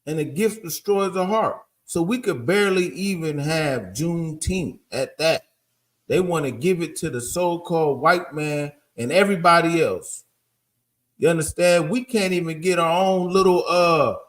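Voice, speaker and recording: Man, higher voice, group teacher; emphatic, profane street preacher who keeps asking if you understand. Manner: blunt and profane.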